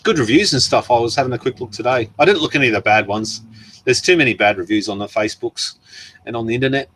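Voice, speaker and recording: An Australian man runs an easygoing livestream, working through viewer comments with plenty of rambling and laughter. His medium-pitched, slightly bright voice moves at a quick pace.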